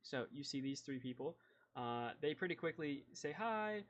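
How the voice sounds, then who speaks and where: A man's voice: a little high, lively intonation, moderate pace, dull audio. A man narrating as game master in a loose, rambling way full of fillers.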